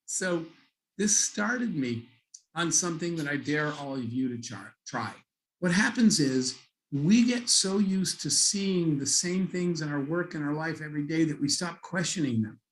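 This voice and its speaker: A man's voice: on the high side, animated, a little slow, a little hiss or hum, low-quality recording. A middle-aged man giving a keynote talk, telling a story and acting out the dialogue. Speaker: keynote speaker. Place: conference stage.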